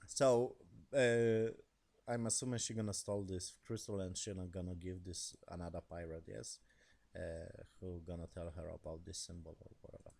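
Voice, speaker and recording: A young man with a deep voice talks through an episode in a loose, rambling review. His speech has a gravelly fry, and his English is non-native and casual. He swears freely as he goes. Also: fairly even intonation, normal speed, a little mellow. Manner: rambling, swears often, laughs between remarks. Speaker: show reviewer.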